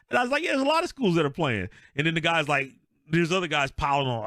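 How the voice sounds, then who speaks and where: On the high side and a little fast, this man's speech includes long pauses, captured dry and studio quality. As a podcast co-host in casual sports talk, he tells lively stories, laughs a lot, and acts out quotes.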